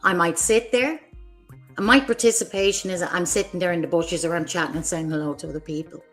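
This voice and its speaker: A woman's voice: on the low side, brisk, soft background music. A woman hosting her own livestream, delivering an angry, profane, confrontational rant at other creators. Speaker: streamer host.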